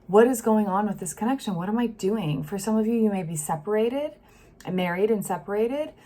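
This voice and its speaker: A woman's voice: mid-range voice, a little fast, dark tone. A woman giving a casual, emotional tarot reading, acting out what she senses with sighs and broken-off sentences. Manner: emotional, acts out the feelings she reads, sighs and trails off. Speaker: tarot reader.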